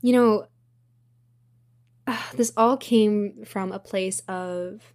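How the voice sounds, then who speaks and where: A woman's voice: medium pitch, fairly even intonation, very slow, darkish tone. A young woman hosting her own podcast, talking casually and rambling with many fillers and restarts. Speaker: podcast host. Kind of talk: casual solo podcast monologue.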